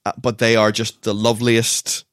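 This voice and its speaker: A man with a low-pitched voice, chatting casually on a podcast. He tells long, rambling stories, swears now and then, and restarts his sentences. The recording is dry and close. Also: completely flat delivery, normal speed, clear, resonant tone, no echo. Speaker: podcast co-host. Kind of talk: casual chat.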